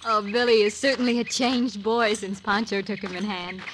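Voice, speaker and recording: A woman playing a spirited, kind young schoolteacher, brisk and earnest, in 1940s radio acting. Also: mid-range voice, fairly even intonation, background noise, lightly acted. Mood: warm.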